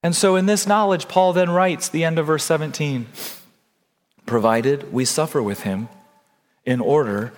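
A man preaching a sermon in a slow, deliberate way, building to impassioned, near-shouted passages. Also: a little high, big-room sound. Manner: slow, deliberate delivery with long pauses. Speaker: pastor.

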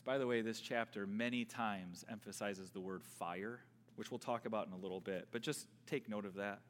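Animated preacher man in a reverberant hall. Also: fairly low pitch, normal speed. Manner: animated, swinging between loud emphasis and quiet asides; earnest, repeats words while building a point. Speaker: pastor. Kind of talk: sermon. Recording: long reverb from a large hall.

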